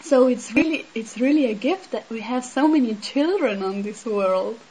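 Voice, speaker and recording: A woman from Switzerland speaks at a normal speed in a fairly high, husky, slightly mellow voice, expressive despite poor audio. In a casual spiritual talk she earnestly reflects on her own experiences, peppering her sentences with "like" and "um".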